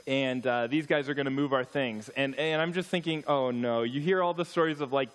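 A man, a missionary speaker, giving a church talk with humorous stories, animated asides to his audience. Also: a little high. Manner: storytelling, joking, animated asides.

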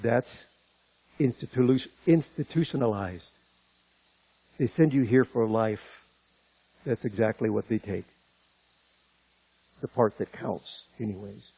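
A man's voice: mid-range voice, takes it slowly, gravelly, long pauses, warm tone, breathy edge, no room sound, exaggerated voice, poor audio. A man doing a weary old ex-convict impression. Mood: weary, resigned. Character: weary aging male ex-convict, resigned.

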